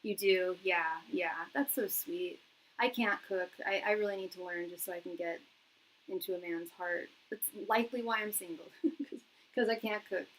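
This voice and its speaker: A woman's voice: on the low side, moderate pace, a bit bright, a little hiss or hum, low-quality recording. A young woman reading tarot on a live stream, chatting casually with lots of fillers, laughs and repeated words. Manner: reads viewers' chat messages aloud. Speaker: tarot reader and psychic.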